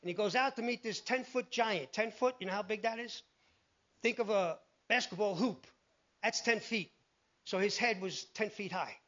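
Man, high voice, preaching, animated storytelling, dull lo-fi recording. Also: normal speed. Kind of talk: sermon.

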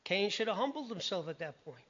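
A man's voice: high voice, sing-song, a little fast, a bit bright. A man preaching a sermon in a conversational, emphatic way, often quoting scripture. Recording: muffled lo-fi recording.

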